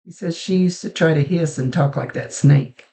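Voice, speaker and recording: A woman psychic medium talks through a reading in a casual, halting way, often breaking off and restarting her sentences. Her voice has a gravelly, creaky edge. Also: low-pitched. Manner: halting, restarts sentences, relays messages in a soft conversational way.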